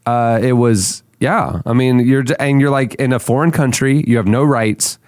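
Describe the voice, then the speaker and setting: A man's voice: medium pitch, moderate pace, no room sound, studio quality. Conversational male podcast host. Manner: conversational, runs the segments. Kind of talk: casual storytelling.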